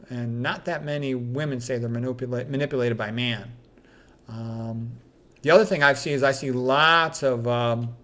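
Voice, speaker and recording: A man's voice: medium pitch, a bit bright. A middle-aged man, a doctor, reading quotes aloud and commenting on them in a candid, casual way with plenty of fillers.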